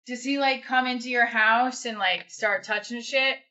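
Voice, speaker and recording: A woman's voice: fairly high pitch, normal speed, sharp tone. A woman hosting a casual livestream chat with viewers, candid and rambling, swearing freely. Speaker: livestream host. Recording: echoey room, slightly dull audio.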